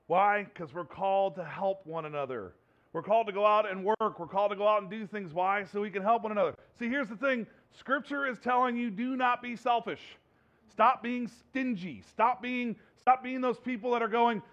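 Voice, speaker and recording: A man's voice: sits high, moderate pace, fairly bright tone, muffled recording. A man preaching a sermon, earnest, often repeating himself and restarting his sentences. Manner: earnest, repeats words and restarts, laughs between points. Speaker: pastor.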